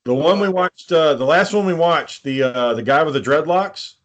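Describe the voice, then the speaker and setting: A man's voice: fairly high pitch, normal speed, dull audio. Man rambling through profane stories. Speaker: podcast co-host. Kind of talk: casual chat.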